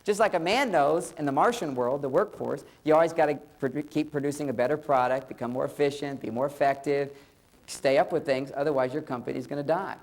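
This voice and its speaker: Animated man giving a comic lecture. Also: a little high, brisk. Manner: playful, acts out dialogue. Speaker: relationship speaker. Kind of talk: humorous lecture.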